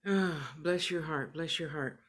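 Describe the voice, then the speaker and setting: A woman working as a clairvoyant medium, giving casual livestream readings in an animated, emphatic, sassy and motherly way, often repeating phrases for emphasis. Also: low-pitched, a little slow.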